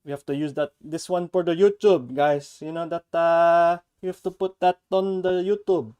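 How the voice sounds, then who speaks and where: A man with a fairly high-pitched voice gives a casual livestream showcase of a custom fightstick build. He is upbeat and chatty and talks straight to his viewers. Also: steady tone, moderate pace, mellow, clean tone.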